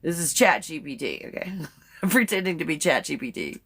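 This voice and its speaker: A woman's voice: low voice, big pitch swings, a little fast, gravelly, a bit bright, breathy edge. Chatty woman hosting a live stream. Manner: chatty, rambling, laughs often. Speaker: live show host. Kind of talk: casual live-stream talk.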